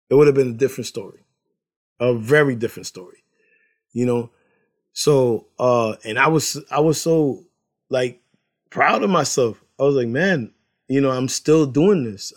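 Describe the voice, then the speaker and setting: A man's voice: medium pitch, moderate pace. A man casually sharing a personal faith testimony, rambling, repeating words and laughing as he tells it.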